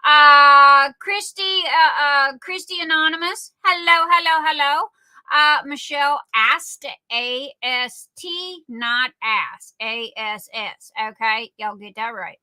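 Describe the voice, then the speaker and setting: A high-pitched woman with a Southern accent, talking slowly and brightly as she hosts a livestream. She rambles in a chatty way and calls her viewers darling. The sound is dry and close, with no room around it. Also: no room sound. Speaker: livestream host. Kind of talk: casual livestream chat.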